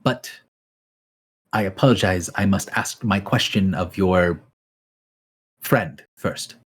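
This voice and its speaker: A formal, hooved soldier-runner speaks in slow, careful, courteous sentences, as a man acts him out. The voice sits a little low and measured. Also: slightly rough, full character voice. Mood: earnest. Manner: slow, stiff, courteous speech.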